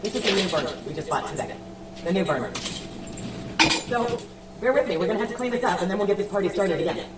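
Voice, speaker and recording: A woman's voice: mid-range voice, lively intonation, quick pace, pauses often. A flustered woman exclaiming her way through a live sales stream from home, soaked after a mishap. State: drenched. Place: home room. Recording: roomy, distant mic with background noise.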